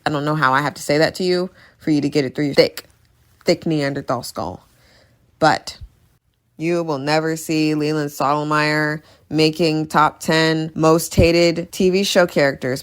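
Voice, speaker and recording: A woman casually recapping a TV episode, opinionated and emphatic, repeating words to drive a point home. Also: low-pitched. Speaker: TV recap YouTuber.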